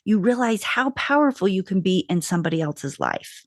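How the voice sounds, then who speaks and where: A woman hosts a podcast in a relaxed, conversational way, sharing stories with eager enthusiasm. Her voice sits in a middle range and sounds dry and close, with no room echo. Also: medium pitch, moderate pace. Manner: enthusiastic, storytelling. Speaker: podcast host. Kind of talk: casual podcast chat.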